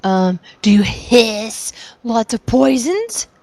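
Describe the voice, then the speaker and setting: A woman's voice: fairly high pitch, big pitch swings, moderate pace, no room sound. Woman playing a sly whispering adventurer woman. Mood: teasing. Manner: half-whispered, teasing questions.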